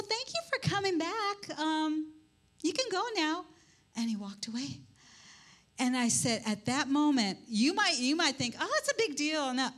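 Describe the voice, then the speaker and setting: Older woman, high voice, chatty church storyteller who acts out the quotes and restarts often. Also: fairly bright tone. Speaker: church speaker. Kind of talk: storytelling talk to a congregation.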